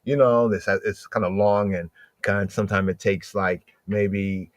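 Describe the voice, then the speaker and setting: A man's voice: fairly low pitch, fairly even intonation, a little slow, no echo. A man hosting a podcast, teaching scripture in a loose conversational way and repeating words for emphasis. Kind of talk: casual Bible teaching talk.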